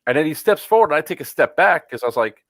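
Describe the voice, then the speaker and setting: A man's voice: fairly high pitch, expressive, quick pace, no echo, rough recording. A man co-hosting a casual chat, telling a story with many fillers and acted-out quotes. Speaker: podcast co-host.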